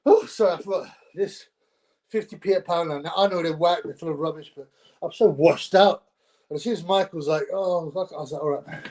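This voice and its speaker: A man's voice: a little high, fairly quick, darkish tone. A young man hosting a casual solo livestream, rambling in street slang and laughing often. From United Kingdom. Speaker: livestream host.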